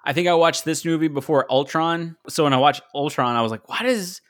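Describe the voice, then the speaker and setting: A man hosting a casual podcast chat, chatty and quick to laugh, often correcting himself as he goes. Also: fairly high pitch, fairly bright tone. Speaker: podcast host.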